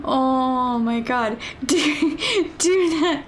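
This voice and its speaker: High-voiced woman giggling through gameplay. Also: slow, vocal fry, a bit bright, slight background noise. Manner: giggly, laughing constantly. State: breathless from laughter. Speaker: gameplay streamer. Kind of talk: casual gameplay commentary.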